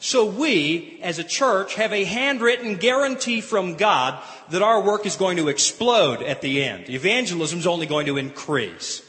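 A man preaching as a pastor, with a somewhat high voice and lively emphasis that builds on key words. His voice carries a long reverb from a large hall. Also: normal speed, hardly any pauses. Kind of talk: sermon.

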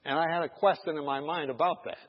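A male preacher telling a story in a sermon. He swings between shouting and whispering. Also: a little high, steady tone, fast talker, long reverb tail, dull audio.

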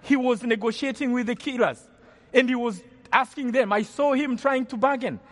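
At a moderate pace, a Rwandan preacher with a very high-pitched, somewhat bright voice gives an earnest testimony in story form. He keeps repeating and restarting phrases, and the recording carries a long hall reverb.

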